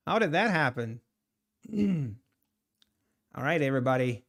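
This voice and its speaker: A man's voice: on the high side, big pitch swings, a little slow, pauses often. A man chatting casually on a live trading stream, rambling, laughing often and answering viewer comments. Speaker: live-streaming day trader.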